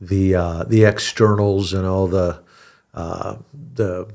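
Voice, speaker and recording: A man's voice: low-pitched, fairly even intonation, slow pace, gravelly. A man hosting a church interview show, affirming his guest and searching for words with many fillers. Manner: warm affirming listener, hesitant with many fillers. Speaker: podcast host. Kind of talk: casual interview chat.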